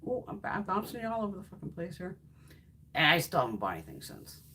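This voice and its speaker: A fast-talking woman in her fifties with a lowish, breathy-edged voice hosts a casual makeup livestream, swatching as she goes. The beauty YouTuber is an animated storyteller, blunt and freely profane.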